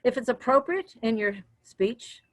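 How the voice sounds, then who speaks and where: Expressive older woman coaching public speaking. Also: no room sound. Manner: expressive, deliberately varies pitch and loudness. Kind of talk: instructional talk on public speaking.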